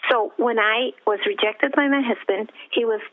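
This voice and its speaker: A woman guest telling her personal testimony with deep feeling, at times close to tears, quoting her own past thoughts. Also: moderate pace. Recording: tinny phone-like line.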